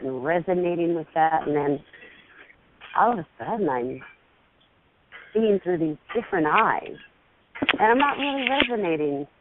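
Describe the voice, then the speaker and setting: A woman talks slowly and loosely, drifting from thought to thought and breaking into giggles. She is heard over a thin, tinny phone line. Her phrasing stretches out as she goes. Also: lowish voice, a little hiss or hum. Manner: giggly, meandering, drawn-out phrasing. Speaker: caller. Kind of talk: rambling spiritual chat.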